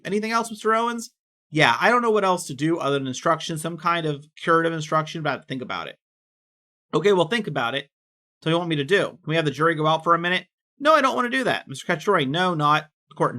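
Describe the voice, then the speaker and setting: A man reading court records aloud with casual commentary, quick and offhand, dropping in personal asides. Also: a little high, sharp tone.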